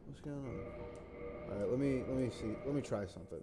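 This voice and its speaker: A man's voice: mid-range voice, a little fast, background noise. Rambling man narrating his gameplay. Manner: rambling, thinks aloud, breaks into exclamations and curses. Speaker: let's play host. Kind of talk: casual gameplay commentary.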